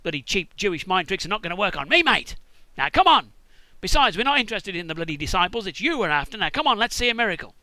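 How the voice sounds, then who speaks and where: A man's voice: sits high, sing-song, fast, pushed and bright, no room sound, exaggerated voice. A man voicing an aggressive, swearing skeptic who demands a miracle. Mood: belligerent.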